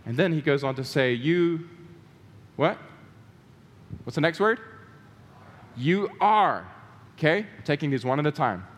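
A man's voice: on the high side, lively intonation, unhurried, pauses often, slightly rough, long reverb tail. A man preaching a sermon to his church, emphatic, repeating key words and putting questions to the congregation. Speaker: pastor. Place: church sanctuary.

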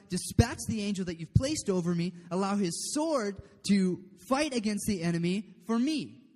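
This man's voice sits high with a darkish tone as he preaches a casual, chatty sermon. He laughs often and keeps checking in with the room by asking "okay?", and a long hall reverb hangs over everything.

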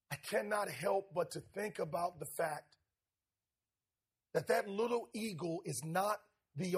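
A man's voice: sits high, slightly rough. A man preaching a revival sermon, rhetorical and building emphasis, drawing out key words.

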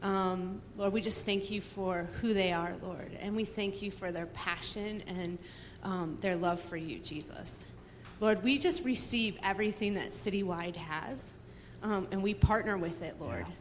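A woman leading a spoken prayer in church, soft and earnest, close to tears. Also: mid-range voice, measured pace. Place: large church hall. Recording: reverberant hall, faint room noise.

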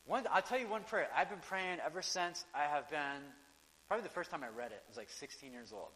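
A pastor preaches a sermon in a church sanctuary, his fairly high, bright voice brisk and lively in intonation. His delivery is loose and conversational, and he acts out the quoted lines while a big hall's long reverb trails his words.

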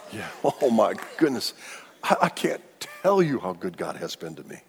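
A man preaching a sermon as pastor in a church, animated and joking with the congregation. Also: on the low side, normal speed, slight background noise. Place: church sanctuary. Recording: long church-hall reverb.

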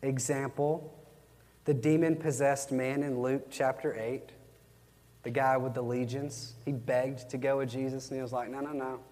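A man's voice: medium pitch, little pitch movement, measured pace, darkish tone, long reverb tail. A man teaching a church class on evangelism, telling Bible stories conversationally and acting out the quotes. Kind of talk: teaching a class from worksheet notes.

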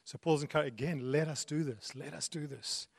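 A man's voice: on the high side, brisk, vocal fry, slightly rough, dry recording, clean studio sound, in a large hall. A man preaching a sermon in an earnest way, repeating key phrases and laughing now and then. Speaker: pastor.

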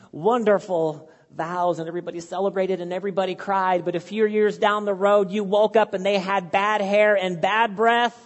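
A man preaching a sermon as pastor, earnest and conversational, repeating his key phrases for emphasis. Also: high voice. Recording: long hall reverb.

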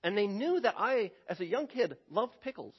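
A man preaching a sermon, telling a personal story with lively energy and repeating words as he starts phrases. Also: sits high, normal speed, breathy edge.

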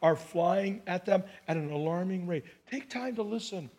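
A male pastor preaching a sermon, telling stories and moving between hushed lines and emphatic ones. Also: high voice, expressive, normal speed.

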